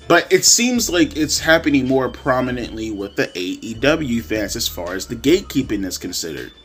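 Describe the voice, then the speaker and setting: A man's voice: mid-range voice, big pitch swings, moderate pace, fairly bright tone, faint music behind. A young man ranting in a wrestling commentary vlog, profane and repetitive, slipping into mocking voices. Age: young adult.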